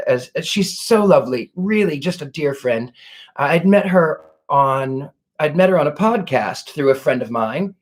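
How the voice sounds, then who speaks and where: A man hosting a casual livestream Q&A as a psychic, talking in a gentle, effusive way. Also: a little high. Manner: gentle and effusive, fond of 'lovely' and 'dear'. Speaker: psychic host. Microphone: home livestream setup.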